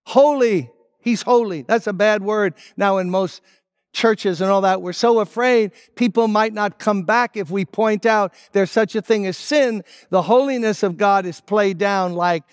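Emphatic high-voiced male preacher, slow. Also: smooth, no echo, studio quality. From United States. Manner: emphatic, drops to hushed tones and rises on key words. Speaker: pastor. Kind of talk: sermon.

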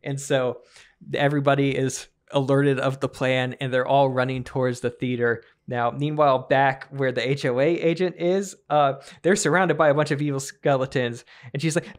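A man co-hosting a comedy podcast, improvising a story and jumping into squeaky character voices for the figures. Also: steady tone, moderate pace. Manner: acts out characters with sudden high-pitched voices. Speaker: podcast co-host.

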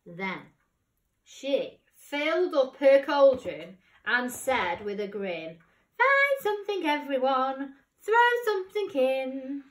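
A woman teacher reading a children's picture book aloud with expressive, dramatic storytelling. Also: fairly high pitch. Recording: echoey room, voice off-mic.

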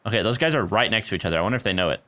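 A man with a fairly low, expressive voice races through casual commentary while live-streaming a shooter game at home. His tone is sharp, and he laughs often, calling viewers "dude" and "guys" into a desk microphone by his keyboard.

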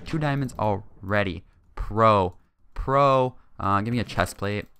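A young man talking through his own game session in a chatty, hyper way, full of ums and quick laughs. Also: fairly low pitch, pushed and bright, slight background noise. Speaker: gaming channel host. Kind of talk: gameplay commentary.

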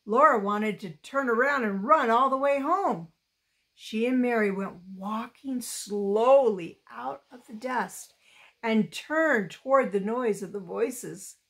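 A woman reading a children's novel aloud chapter by chapter, slow and careful with expressive touches. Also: fairly high pitch. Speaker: storybook reader.

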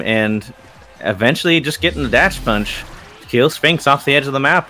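A man's voice: medium pitch, moderate pace, sharp tone, faint music behind. A man giving chatty, analytical color commentary on a live esports tournament. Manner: analytical, chatty, with laughs and restarts. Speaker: esports co-caster.

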